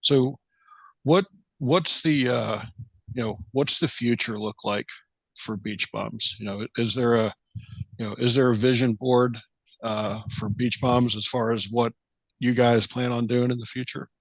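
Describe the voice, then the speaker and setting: A man's voice: mid-range voice, fairly even intonation, measured pace, no room sound. A man hosting a podcast interview, talking casually and circling through his questions with lots of filler words. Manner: rambling, many fillers like "you know". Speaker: podcast host.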